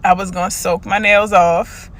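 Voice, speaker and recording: A woman with a mid-range voice launches into her nail shop story, brash and full of slang. She addresses her viewers directly and keeps the telling lively. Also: medium pitch, normal speed. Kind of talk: storytime vlog.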